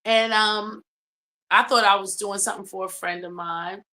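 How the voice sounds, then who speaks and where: A woman giving testimony, telling a long, detailed story with many pauses and ums. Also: medium pitch, fairly even intonation, bright, forceful tone. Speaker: complainant telling her story. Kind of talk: testimony in a mediated hearing.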